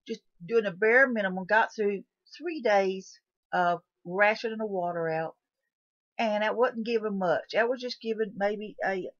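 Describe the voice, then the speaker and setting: A woman's voice: medium pitch, a little slow, no room sound. A woman talking through a what-if survival scenario in a folksy, repetitive way, putting questions to the viewer. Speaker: channel host. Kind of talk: casual what-if monologue. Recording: dull lo-fi dry recording.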